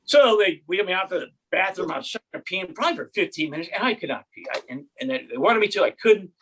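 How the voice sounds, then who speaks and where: A man doing stand-up comedy from home, telling a long personal story in a wry, deadpan way and putting on voices for the people in it. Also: sits high, fast, breathy edge.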